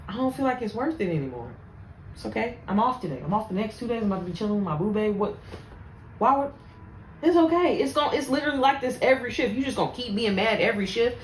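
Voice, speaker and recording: A woman hosts a casual faith podcast, telling her stories in an animated, preachy way. Her voice sits a little high. The room sounds echoey, with a faint hum of ambience behind her. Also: fairly quick. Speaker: podcast host.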